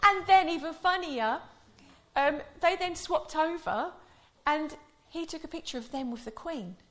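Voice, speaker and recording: A woman's voice: high-pitched, unhurried, fairly bright tone. A woman preaching a sermon, telling stories in a chatty way before leading a prayer. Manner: chatty storytelling, laughing often.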